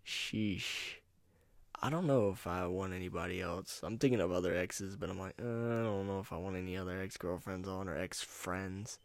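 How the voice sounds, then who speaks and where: A low-pitched man from North Carolina hosts his own solo podcast at home, talking at normal speed into a USB microphone with no echo. He rambles in a laid-back, casual, profane way.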